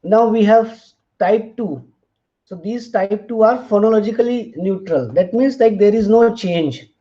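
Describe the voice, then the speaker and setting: Slow, deliberate male lecturer. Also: high-pitched, warm tone. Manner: slow, deliberate, spells out letters, frequent "fine" and "uh". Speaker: linguistics lecturer. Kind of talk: lecture explaining examples. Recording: slightly dull, lo-fi audio.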